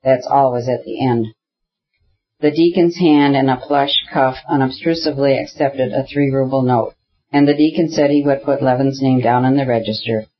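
A man reading a classic novel aloud as an audiobook narrator, in a steady, measured way. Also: medium pitch, lo-fi sound.

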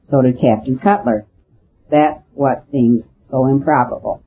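A man reading the part of a quiet, shrewd little old priest in a storybook, in a measured voice. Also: mid-range voice, breathy edge. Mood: calm, quiet. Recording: dull lo-fi with faint hiss.

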